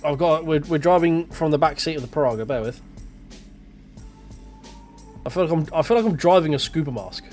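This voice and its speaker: A man's voice: fairly high pitch, moderate pace, pauses often, a little mellow, soft background music. A man chatting loosely to his stream while driving a racing sim, thinking aloud and swearing casually. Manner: rambling, self-talking, casual swearing. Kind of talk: live gameplay commentary.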